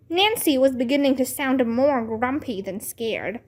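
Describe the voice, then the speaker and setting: A woman reading a children's book aloud with slow, careful, expressive storytelling. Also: sits high.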